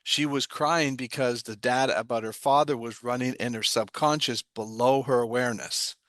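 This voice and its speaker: A man's voice: mid-range voice, fairly even intonation, normal speed, a bit bright, no echo. A man giving an explanatory talk, asking himself rhetorical questions and answering them. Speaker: guest speaker on trauma. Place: online livestream.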